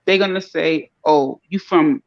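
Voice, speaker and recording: A woman from the northern United States talking in a casual panel chat, an animated storyteller who acts out other people's voices. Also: low-pitched, measured pace. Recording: dull lo-fi sound.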